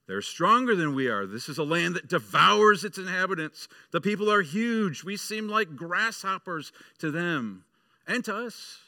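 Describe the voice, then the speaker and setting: Whiny, wailing crowd, pitched way up, acted by a man preaching. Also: normal speed, bright, forceful tone, no echo, studio quality. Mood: fearful. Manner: wailing, complaining. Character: whiny frightened crowd of wandering adults.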